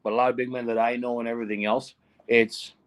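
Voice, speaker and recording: A man's voice: medium pitch, level tone, quick pace. A man co-hosting a casual talk, reacting and chiming in. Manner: reactive, laughs and chimes in. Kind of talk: casual chat.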